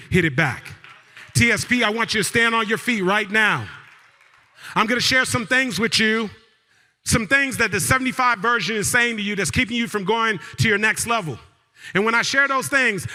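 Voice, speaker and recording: A man giving a motivational keynote, leading the crowd in call-and-response and telling a story that swings between loud and hushed. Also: high voice. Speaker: keynote speaker. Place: large event hall. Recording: live hall with long reverb.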